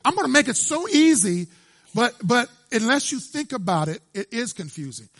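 A male preacher giving an emphatic, animated sermon and quizzing his congregation. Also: very high voice, normal speed, dry recording.

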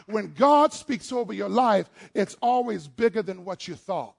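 A man preaching a sermon as pastor, leading call-and-response, shouting at peaks, then dropping to low asides and joking with the congregation. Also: animated, a little slow, vocal fry, few pauses, breathy edge. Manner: playful, jokes with the congregation.

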